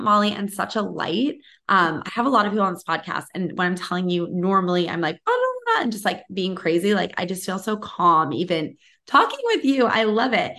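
A woman's voice: medium pitch, fairly bright tone. A woman in her thirties hosting a podcast, chatting in an effusive, casual way with lots of fillers. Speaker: podcast host. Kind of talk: casual interview chat.

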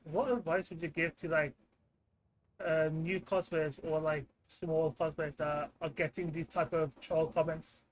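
A man hosting a podcast, asking relaxed, loosely phrased interview questions. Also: a little high, unhurried, slight background noise, rough recording. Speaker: podcast host.

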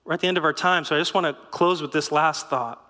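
A middle-aged man giving a sermon in a lively, conversational way, with rhetorical questions and short laughs. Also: fairly high pitch, quick pace, big-room sound. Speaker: pastor.

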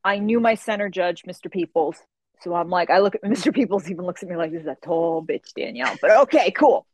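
A young woman telling a story in an animated way, acting out the people in it and swearing casually. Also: mid-range voice, fast, no room sound. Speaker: guest.

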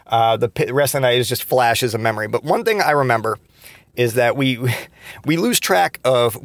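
A man's voice: mid-range voice, fairly bright tone, dry recording, studio quality. A man in his thirties telling rambling, profane stories from his past in a casual podcast monologue, full of restarts and fillers. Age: 30s. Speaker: podcast host.

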